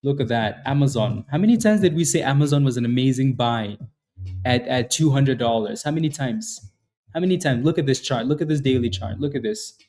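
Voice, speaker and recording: On a day-trading stream, a man with a mid-range, slightly mellow voice speaks fairly quickly and with animation. His live market talk is casual and repetitive, full of hype for trades and shout-outs to chatters by name.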